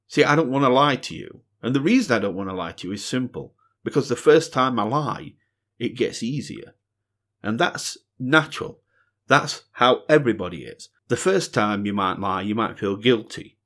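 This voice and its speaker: A man's voice: medium pitch, fairly bright tone. A middle-aged man, talking earnestly in a casual solo Q&A and repeating phrases for emphasis. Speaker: music reaction channel host.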